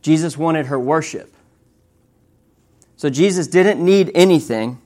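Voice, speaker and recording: Young guy preaching, kinda high voice, chatty, keeps saying right?. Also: a little slow. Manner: conversational, keeps asking "right?"; animated storytelling. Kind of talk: sermon with audience questions.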